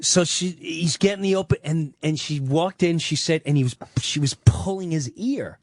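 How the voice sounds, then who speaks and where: A man's voice: on the high side, normal speed, dry recording, clean studio sound. A man telling a long personal story on a talk radio show, acting out what other people said. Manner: animated, acts out quoted voices.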